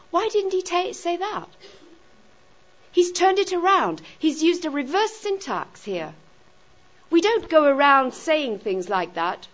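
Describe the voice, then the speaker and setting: A woman's voice: on the high side, very animated, a little slow, lo-fi sound. A woman teaching a grammar lesson to a class, often checking in with rhetorical questions such as "right?" and "okay?".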